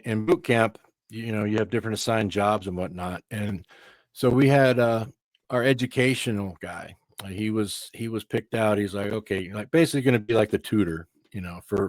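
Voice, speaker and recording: A man's voice: on the low side, fairly quick, no room sound. Easygoing Texan man telling stories. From Texas. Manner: easygoing storyteller, chatty asides. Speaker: guest, veteran and author. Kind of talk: casual conversational interview.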